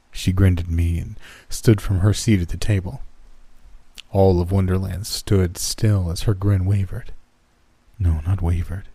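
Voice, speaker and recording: A man reading a first-person horror story in a steady, measured scripted narration. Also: low-pitched, husky, no room sound.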